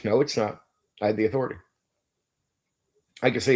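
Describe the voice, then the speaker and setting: A game master hosting his own channel talks quickly in a lowish, slightly mellow voice, leaving long pauses. His blunt, emphatic monologue covers how he runs tabletop games, with plenty of swearing and "like, dude" thrown in.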